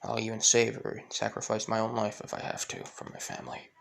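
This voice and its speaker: A man's voice: lowish voice, monotone, brisk, vocal fry, a bit bright, slight background noise. A man voicing a young male hero, a devoted husband and father, speaking earnestly in a fan story retelling. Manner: earnest, vengeful.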